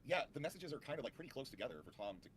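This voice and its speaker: A man's voice: mid-range voice, sing-song, very fast, a little hiss or hum. A man hosting a stream panel, rambling casually with lots of fillers and frequent laughs. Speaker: stream host.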